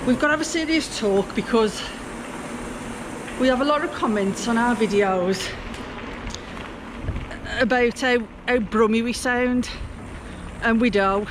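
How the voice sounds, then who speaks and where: A woman's voice: fairly high pitch, unhurried, long pauses. A woman with a Black Country accent, giving jokey, down-to-earth commentary while out on a canal towpath. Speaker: vlog presenter. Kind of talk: chatty outdoor vlog commentary. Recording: outdoor noise on the mic.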